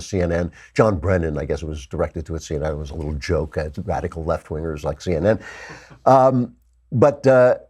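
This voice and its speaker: A man's voice: deep voice, mellow, husky. A man hosting a political talk show, delivering a sarcastic, opinionated commentary monologue into a studio microphone. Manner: sarcastic, mocks opponents in exaggerated voices.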